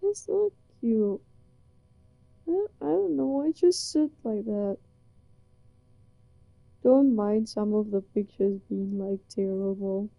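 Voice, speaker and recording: A woman's voice: mid-range voice, takes it slowly, creaky, long pauses, dark tone, no echo. A young woman from Britain chatting casually and rambling in a giggly, playfully flustered way. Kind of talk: casual chat to a listener. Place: indoors, under a blanket.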